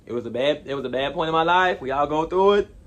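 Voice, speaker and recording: A young man telling a storytime vlog in an animated, slangy way, rambling with asides. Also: fairly high pitch, fast talker. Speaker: vlogger.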